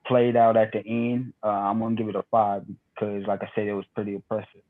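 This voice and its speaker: A man's voice: fairly low pitch, little pitch movement, fast. Hesitant man on a tinny line. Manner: hesitant, stammering opinions with many fillers. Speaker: podcast co-host. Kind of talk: casual chat.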